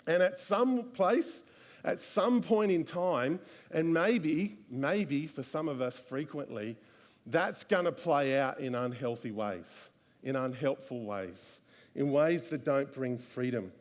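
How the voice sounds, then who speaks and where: A man's voice: medium pitch, animated, slow pace. A man preaching a live church sermon, earnest and full of rhetorical questions. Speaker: pastor. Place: church service.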